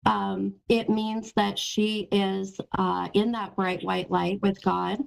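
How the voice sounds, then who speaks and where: A woman with a heavily gravelly, fry-laden voice, hosting a call-in psychic reading. She talks gently and reassuringly, calling the caller hun and sweetheart, with a middle-pitched voice. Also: level tone, slow pace, low-quality recording. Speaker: psychic medium host.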